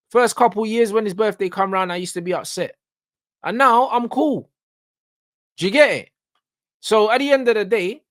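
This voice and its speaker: High-voiced London man ranting emphatically. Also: fairly bright tone, no room sound, clean studio sound. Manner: emphatic, street slang, keeps asking "you get me". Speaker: reaction show host. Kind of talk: ranting reaction commentary.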